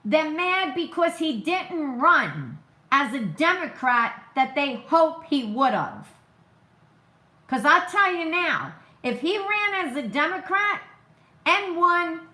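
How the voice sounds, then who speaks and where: This woman's high voice swings widely in pitch as she takes her time, bright and forceful in an echoey room. Noticeably accented, she runs an opinionated political livestream, restating her points emphatically and asking rhetorical questions.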